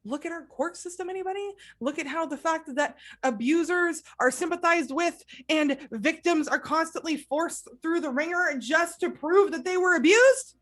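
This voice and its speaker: A woman with a high voice talks through a podcast monologue as a recovery coach. She speaks gently and reflectively, asking the listener questions to consider. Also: normal speed, few pauses.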